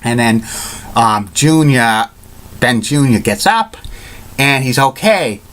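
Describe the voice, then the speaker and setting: A man's voice: mid-range voice, expressive, slow, fairly bright tone. A man talking casually in a video blog, recapping a movie in a rambling way with frequent restarts. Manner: rambling, with many restarts and fillers. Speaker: video blogger.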